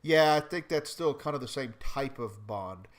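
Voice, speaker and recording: A man's voice: mid-range voice, animated, moderate pace. A man narrating and explaining rules as game master of a tabletop role-playing game, talking with many fillers and restarts.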